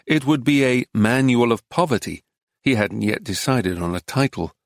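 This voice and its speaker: A man narrating a memoir as an audiobook in a calm, even, literary storytelling manner. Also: mid-range voice, normal speed, no echo, studio quality.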